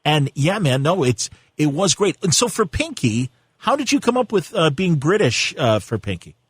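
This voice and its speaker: A man's voice: a little high, sing-song, normal speed, husky, no room sound. A man hosting an interview, chatting enthusiastically and conversationally with his guest. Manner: enthusiastic, conversational, laughs often. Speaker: podcast host. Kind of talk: casual interview chat.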